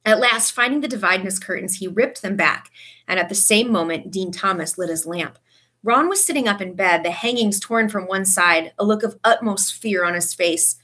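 A woman reading a story aloud with expressive narration. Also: medium pitch, moderate pace, husky. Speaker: audiobook reader.

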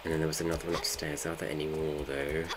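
A man's voice: rumbling low, little pitch movement, quick pace, background noise. A man, chatting and joking with his viewers while playing a game. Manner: joking, bantering with chat. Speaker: streamer. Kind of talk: casual live gameplay chat.

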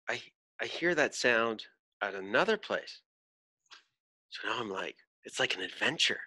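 A man hosting a podcast, telling an animated story in casual chat, swearing freely and acting out voices. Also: mid-range voice, unhurried, long pauses. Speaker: podcast host.

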